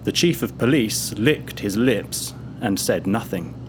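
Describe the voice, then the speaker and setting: A man narrating a dark story in a grave, measured way. His voice sits fairly low. A faint hiss lies under the recording. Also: expressive.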